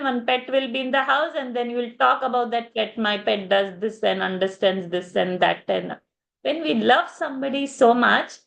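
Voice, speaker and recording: A woman teaching a verse class, explaining slowly, repeating words and asking "huh?" as she goes. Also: on the high side, gravelly, fairly bright tone.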